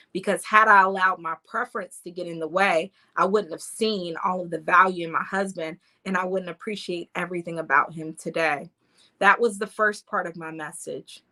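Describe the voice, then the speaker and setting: A woman in her thirties, a podcast host, telling a personal love story in a lively, emotional way, at times laughing and close to tears. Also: fairly low pitch, normal speed.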